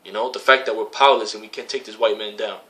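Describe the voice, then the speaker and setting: This man, a religious camp member, preaches casually in a lowish, steady, fairly bright voice at a fast clip. He quotes scripture, recasts it in profane street slang, and repeats phrases for emphasis.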